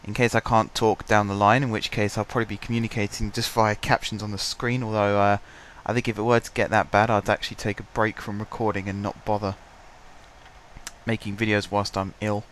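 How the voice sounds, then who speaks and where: Casual male gamer narrating play, congested and throat-clearing, lowish voice, light background hiss. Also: level tone, brisk, fairly bright tone. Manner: chatty, self-deprecating, clears his throat often. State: stuffy, blocked-up voice. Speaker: gaming commentator. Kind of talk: casual let's-play commentary.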